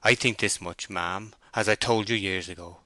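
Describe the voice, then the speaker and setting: A man voicing a plain-spoken, steady farm bailiff in an audiobook, speaking slowly and gravely in a homely way. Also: low voice, no room sound. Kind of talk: audiobook character voice.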